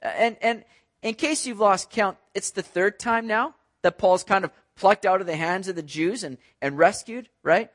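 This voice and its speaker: High-voiced man preaching. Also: moderate pace. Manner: conversational, animated, repeats words. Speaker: pastor. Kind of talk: expository sermon.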